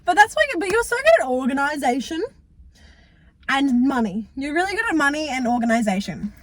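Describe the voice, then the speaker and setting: A woman's voice: high-pitched, brisk. A young woman, co-hosting a casual chat, teasing and swearing freely. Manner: animated, teasing, swears freely, laughs often. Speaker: co-host.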